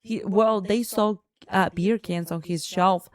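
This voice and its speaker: A woman's voice: medium pitch, takes it slowly. A woman co-hosting a casual podcast, telling a story with energy and acting out the dialogue. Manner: animated, acts out dialogue. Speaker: podcast co-host.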